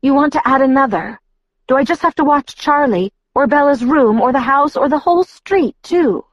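A woman's voice: sits high, animated, moderate pace, dry recording, dull audio, voice pushed up. A woman reading aloud, voicing a cold, exasperated young woman pushing back with rising insistence.

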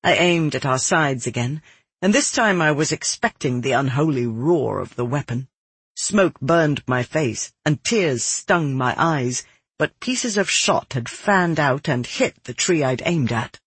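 Husky man narrating a story. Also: fairly high pitch, a little slow, dry recording. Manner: steady, descriptive storytelling. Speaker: audiobook narrator. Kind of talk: scripted first-person narration.

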